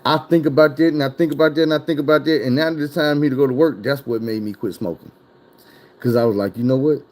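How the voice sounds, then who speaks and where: A man's voice: medium pitch, fast, darkish tone. A man telling a wild personal story in casual, profane chat, his voice jumping up when he gets worked up.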